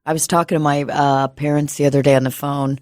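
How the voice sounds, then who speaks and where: A woman co-hosting a podcast, telling stories in a casual, profane, animated way. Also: sits low, fast, no echo, studio quality. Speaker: podcast co-host. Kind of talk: casual chat.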